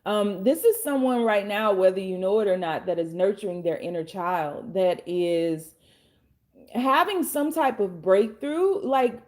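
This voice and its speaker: A young woman with a hoarse, fading voice, chatting casually and bluntly as she reads tarot cards, swearing now and then. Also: medium pitch, animated, unhurried, a little mellow. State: hoarse, losing her voice. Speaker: tarot reader and life coach.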